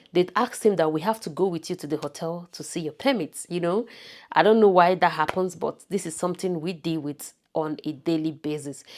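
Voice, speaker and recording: A woman's voice: lowish voice, darkish tone. A woman from Nigeria with a Nigerian accent, talking casually to camera in a vlog and stressing her points with repetition. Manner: emphatic, repeats words for stress. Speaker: vlogger.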